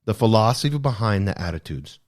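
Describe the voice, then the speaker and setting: A man's voice: on the low side, big pitch swings, brisk, darkish tone. A man hosting a podcast, discussing a self-help book in an earnest, reflective way and repeating key phrases for emphasis. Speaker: podcast host.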